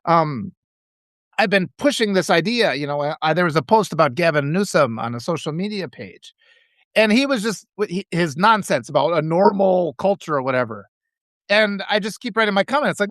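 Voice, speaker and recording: A middle-aged man hosting a casual live stream, talking in a rambling, animated way with many restarts and laughs. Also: high-pitched, normal speed, dry recording, studio quality. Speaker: author and live-stream host.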